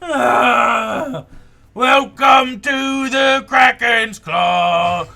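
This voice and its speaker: A man voicing a young man in a kraken mascot suit who roars shouted greetings at diner guests. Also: very high voice, very slow, gravelly, voice pushed up, full character voice. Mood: roaring.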